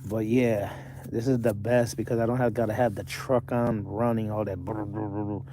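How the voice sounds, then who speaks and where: With a fairly low, mellow voice and a flat delivery at normal speed, a young man rambles on a livestream from his parked truck cab while reading viewer comments. He is chatty and self-correcting, and slight background noise is audible.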